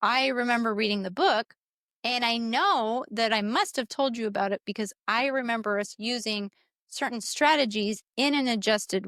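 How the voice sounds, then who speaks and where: A woman co-hosting a parenting podcast, explaining in a measured way and filling in her partner's points. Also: fairly high pitch, a bit bright, no room sound, studio quality. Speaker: podcast co-host. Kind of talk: casual conversational podcast.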